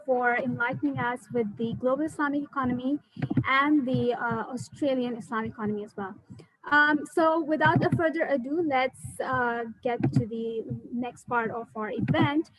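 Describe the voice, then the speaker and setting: Woman, high voice, formal courteous host, dry close sound. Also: moderate pace, no echo, rough recording. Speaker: event host. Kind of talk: formal event hosting.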